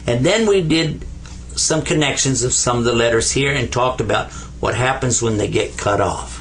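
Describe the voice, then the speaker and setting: An older American man teaching Arabic letters on a taped video lesson, folksy and patient, drawing out sounds slowly for viewers to repeat. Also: mid-range voice, a little hiss or hum.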